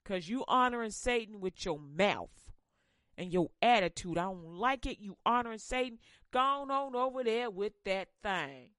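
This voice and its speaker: A woman's voice: medium pitch, lively intonation, a little slow, fairly bright tone, no echo, clean studio sound. A woman voicing God as a stern but loving father who scolds in street slang. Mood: correcting.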